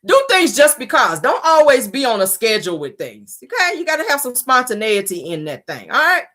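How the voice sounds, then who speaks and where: A woman hosting a livestream, giving blunt, sassy advice and reading viewer comments in casual chat. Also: a little fast. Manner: animated pitch jumps for emphasis. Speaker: livestream host.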